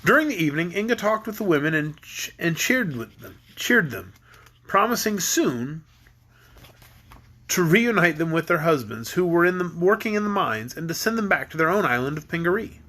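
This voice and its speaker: A man's voice: a little high, animated, moderate pace, pushed and bright. A man reading a children's book aloud to his kids, easygoing, sometimes stumbling and rereading.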